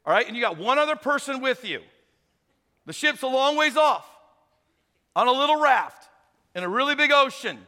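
A man preaching a sermon to a large auditorium, animated and joking with the crowd. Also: very high voice, normal speed, pauses often. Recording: long hall reverb.

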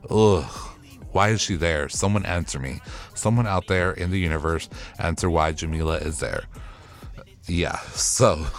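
A man with a very deep, low voice rants through a solo podcast recap, sassy, profane and fed up. Faint music plays quietly behind him. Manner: profane, sassy, exasperated ranting. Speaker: podcast host recapping a TV show. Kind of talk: casual solo recap rant.

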